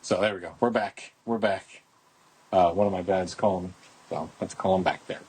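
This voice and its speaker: A man's voice: low voice, fairly even intonation, normal speed, darkish tone, a little hiss or hum. A middle-aged man hosting a casual podcast, talking outdoors into a phone in a rambling, folksy promotional way. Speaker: podcast host, boat club owner.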